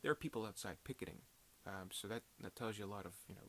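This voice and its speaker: A man's voice: fairly low pitch, quick pace, a bit bright. A man casually reviewing a film, rambling with many fillers and restarts.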